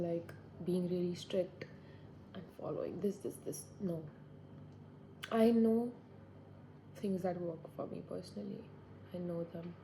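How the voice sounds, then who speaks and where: A woman in her twenties thinks out loud in a loose, musing solo monologue. Her voice sits a little low and sounds mellow and relaxed. She speaks indoors, seated by a window. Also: slight background noise, poor audio. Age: 20s. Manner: musing, rambling, talks to herself. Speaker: vlogger.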